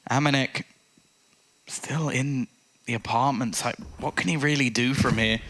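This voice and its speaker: A man giving live play-by-play commentary on an esports match, getting excitable on big plays. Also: mid-range voice, a little fast, a little hiss or hum.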